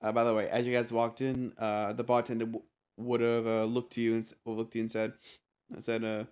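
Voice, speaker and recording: A man's voice: mid-range voice, completely flat delivery, a little mellow, smooth. A man narrating as game master for a tabletop game, hesitant with frequent restarts. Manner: halting, many restarts and fillers.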